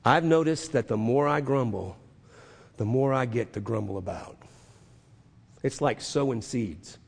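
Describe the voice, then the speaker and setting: A man preaching a sermon, moving from hushed asides to loud, emphatic declarations with drawn-out stressed phrases. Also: mid-range voice, creaky, breathy edge. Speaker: pastor. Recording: long hall reverb.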